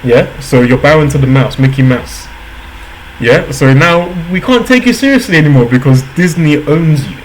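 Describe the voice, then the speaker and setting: A man hosting a casual reaction video, talking excitably, laughing often and repeating himself. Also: on the high side, moderate pace, a little hiss or hum, poor audio.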